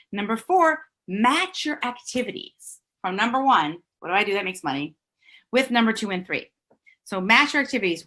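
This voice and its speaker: A middle-aged woman coaching on a live stream, brisk and emphatic, with a bright, forceful tone. She keeps checking in with her viewers and punches the key points hard. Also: mid-range voice. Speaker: business coach.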